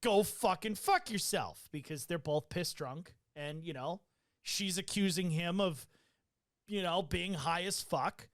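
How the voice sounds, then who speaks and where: A man's voice: on the high side, measured pace, fairly bright tone. A man hosting a podcast, casually recounting a medical call in a loose, profane way with many fillers. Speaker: podcast host.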